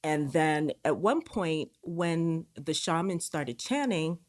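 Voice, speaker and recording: A woman with a deep, low voice recounts a personal experience as a podcast guest. She talks candidly and swears now and then. She slips into quoted dialogue to act out the inner voices she heard. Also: animated, slow pace. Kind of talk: personal storytelling.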